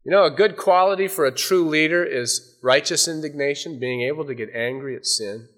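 A male pastor delivers a sermon with a bright, forward tone that sits a little high for a man. He moves between animated storytelling and hushed, intense emphasis. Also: a little fast.

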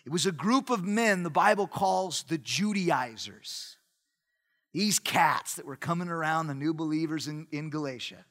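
High-voiced man preaching in a hall. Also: moderate pace. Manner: animated preaching with humorous asides. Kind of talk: sermon.

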